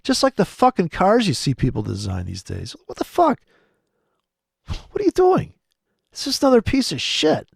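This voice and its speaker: A man's voice: sits high, wildly swooping pitch, normal speed, vocal fry, long pauses, husky, no echo, studio quality. A man giving rambling, profane, sardonic commentary over trading charts, muttering asides and often laughing to himself. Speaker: trading video host.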